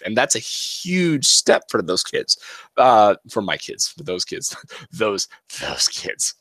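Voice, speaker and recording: A man's voice: lowish voice, fairly bright tone, no room sound. A man co-hosting a casual podcast chat, speaking in an earnest, reflective way and often repeating himself. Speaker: podcast co-host.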